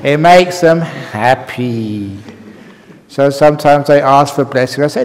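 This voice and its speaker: Speaking a little slowly at medium pitch, a man teaching at a meditation retreat fields questions in a dharma talk, joking playfully and laughing often. The large retreat hall has long reverb, and there's slight background noise.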